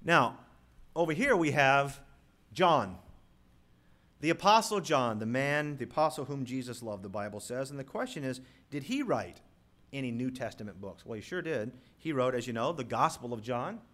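A man pastor preaching a sermon, reading scripture slowly and swelling loudly on key words as he teaches his congregation. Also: medium pitch, animated. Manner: emphatic preacher, rising loud on key words, slows to read scripture. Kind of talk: sermon with live props.

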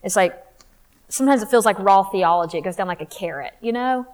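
A woman telling her faith testimony in a candid, animated way, acting out what people said. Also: mid-range voice, a little fast, rough recording. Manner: candid, animated, acts out quotes. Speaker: speaker sharing testimony.

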